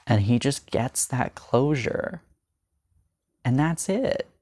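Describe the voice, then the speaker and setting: A young man talking through his thoughts on a manga in a casual review, earnest and halting, with many ums and restarts, slowing and softening at the emotional parts. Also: mid-range voice, expressive, dry recording. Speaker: manga discussion vlogger.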